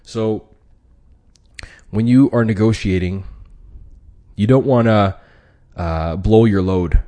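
Lower-voiced man explaining casually. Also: slow pace, dark tone. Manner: conversational, many restarts, slangy. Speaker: podcast host. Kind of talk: casual instructional talk.

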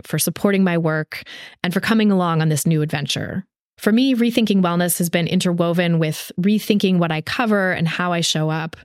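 A woman hosting a podcast, reading a measured, reflective monologue from a script while her voice is a little sick. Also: fairly low pitch, dry recording, studio quality. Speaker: podcast host.

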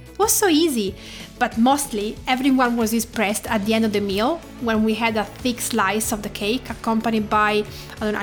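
A woman from Tuscany with an Italian accent, hosting a cooking podcast in scripted narration that lingers on food details. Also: on the high side. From Tuscany, Italy. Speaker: podcast host.

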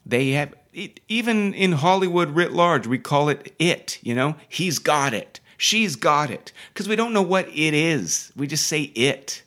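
A man's voice: fairly high pitch, lively intonation, a little slow, few pauses, fairly bright tone. Enthusiastic rambling acting coach, a man. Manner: enthusiastic, rambling with restarts and digressions. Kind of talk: casual teaching podcast.

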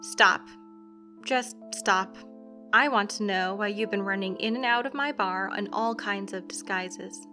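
A woman voicing a sly fae man who poses as a bartender, speaking low, quiet and knowing. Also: measured pace, music in the background, lightly acted. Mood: menacing.

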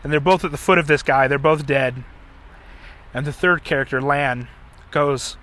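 A middle-aged man hosting a podcast, casually retelling a story in an animated way and acting out the quotes. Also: on the high side, moderate pace. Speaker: podcast host.

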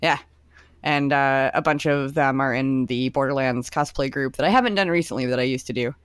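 A woman's voice: very deep voice, fairly quick, clean tone, no room sound, clean studio sound. A woman co-hosting a podcast in casual chat, chatty and laughing often as she acts out quotes. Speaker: podcast co-host.

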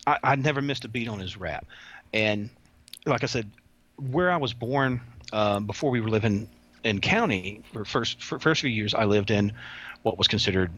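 A man's voice: fairly low pitch, animated, moderate pace, a bit bright, breathy edge. A man, a former prison officer, telling stories as an interview guest in a rambling way, repeating words, on a dull lo-fi recording. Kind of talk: casual interview storytelling. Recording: dull lo-fi sound.

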